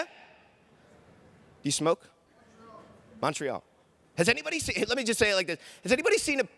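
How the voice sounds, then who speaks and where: On a conference stage, a male stand-up comedian works the crowd with a bright, forceful voice. Pitched a little high for a man, he's chatty and loose, dropping into quick quoted voices as he riffs.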